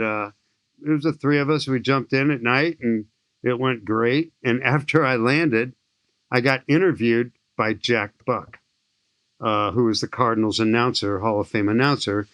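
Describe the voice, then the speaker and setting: A man in his sixties from St. Louis, a skydiving instructor telling lively, enthusiastic stories as a podcast guest. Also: mid-range voice, normal speed, dry recording. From St. Louis, USA. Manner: enthusiastic, lively anecdotal storyteller. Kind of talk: animated storytelling in an interview.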